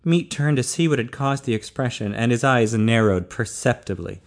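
Man narrating a novel, steady measured reading, mid-pitched. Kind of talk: audiobook narration.

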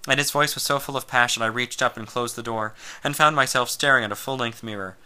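A man reading a first-person story aloud in a slow, measured way, sometimes dropping to a hush. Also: mid-range voice, fairly even intonation. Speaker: narrator.

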